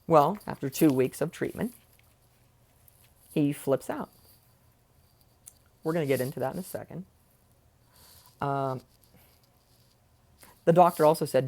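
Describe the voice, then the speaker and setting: A man's voice: a little high, a little slow, long pauses, a little mellow. A man at home in his chair, telling a personal story in a heated, indignant way, with rhetorical questions and swearing. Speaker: vlogger telling a family story. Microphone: wearing headphones, close mic.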